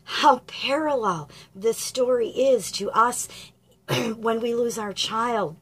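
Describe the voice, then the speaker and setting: A woman giving an earnest, gentle devotional message of encouragement to grieving parents, with frequent ums as she retells a scripture story. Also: fairly high pitch, takes it slowly, slightly rough. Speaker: grief ministry speaker.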